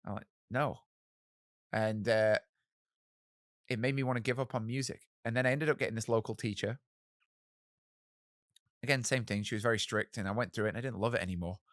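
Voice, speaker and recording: A man in his thirties, a musician guest telling animated stories in an interview and acting out the voices of people he quotes. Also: on the low side, a little fast, pauses often, no echo, studio quality. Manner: animated, acts out quoted voices, swears casually. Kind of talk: storytelling in a podcast interview.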